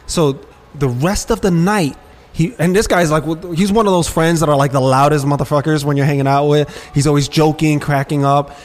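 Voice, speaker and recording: A man hosting a podcast, telling personal stories in a candid, rambling way with frequent restarts. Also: on the high side. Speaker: podcast host. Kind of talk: casual chat.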